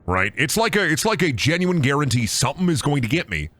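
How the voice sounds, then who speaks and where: A man's voice: on the high side, quick pace, slight background noise. A young man rambling and joking as he streams a game. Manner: rambling, jokey, animated. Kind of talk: casual let's-play commentary.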